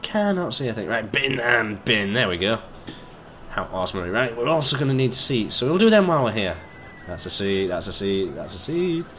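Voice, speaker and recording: A man's voice: lowish voice, lively intonation, brisk, a bit bright, faint music behind. A man giving let's play commentary, chatty and joking, swearing and talking to himself as he builds. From Britain. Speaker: gamer.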